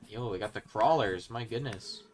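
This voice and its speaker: A young man giving casual commentary while he plays a video game. He swings from quiet muttering to yelling when he is excited. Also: fairly low pitch, normal speed, a little hiss or hum. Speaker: gaming video host. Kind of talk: casual let's-play commentary.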